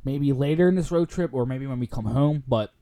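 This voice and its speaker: A young man with a mellow, warm voice co-hosts a casual sports podcast. He talks excitedly, laughs a lot and swears freely. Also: medium pitch, a little fast. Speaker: podcast co-host.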